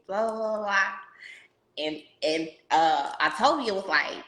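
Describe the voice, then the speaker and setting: A woman hosting a casual podcast interview, telling stories in an animated, slangy way and talking to listeners as "y'all". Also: mid-range voice, moderate pace, echoey room. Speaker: podcast host.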